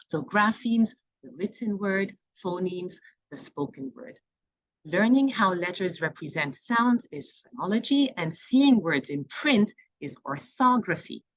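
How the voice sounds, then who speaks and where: A woman training reading volunteers, talking through classroom activities in a relaxed, conversational way with plenty of fillers. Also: on the low side, no echo, low-quality recording. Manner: conversational teaching with fillers and playful classroom examples. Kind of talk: training presentation.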